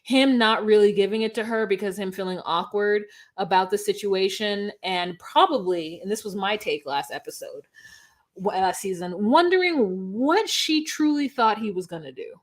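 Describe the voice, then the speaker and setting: A woman co-hosting a podcast in casual chat, blunt and quick to laugh, swearing freely as she recaps a show. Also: medium pitch. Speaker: podcast co-host. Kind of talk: casual chat about reality TV.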